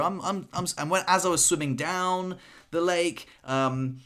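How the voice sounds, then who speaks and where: A man's voice: high voice, unhurried. Rambling man telling a story. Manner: rambling storytelling with many restarts and animated quoted asides. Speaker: podcast co-host. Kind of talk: casual podcast chat.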